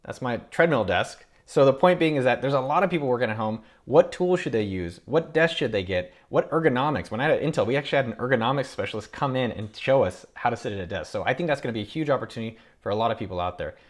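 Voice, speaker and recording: A man's voice: medium pitch, animated, fast, few pauses. A man in his thirties, an entrepreneur hosting a casual talk to camera from his home office, running through a list of ideas with upbeat enthusiasm. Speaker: entrepreneur and YouTube host.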